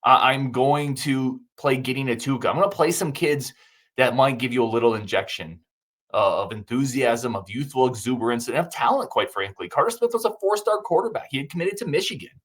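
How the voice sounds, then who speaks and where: Exasperated man venting in a husky voice. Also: medium pitch, expressive, brisk, fairly bright tone. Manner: exasperated, emphatic, with frequent restarts. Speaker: podcast host. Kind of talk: opinionated sports podcast talk.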